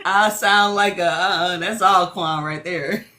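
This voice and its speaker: A woman guest on a talk show, chatting casually with a blunt, unhurried manner. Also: on the low side, fairly even intonation, background noise. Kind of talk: casual chat.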